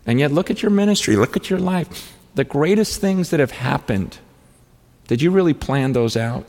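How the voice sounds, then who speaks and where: A man preaching a sermon as pastor, earnest and repetitive, often halting and restarting his phrases. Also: on the high side, animated, a little mellow. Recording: long hall reverb.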